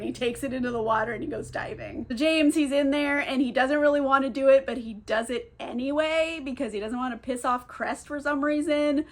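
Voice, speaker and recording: A woman's voice: high voice, steady tone, a little fast, hardly any pauses. A young woman recapping a novel in a candid, sarcastic way, with lots of fillers and casual swearing. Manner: chatty, filler-heavy storytelling. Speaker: book reviewer.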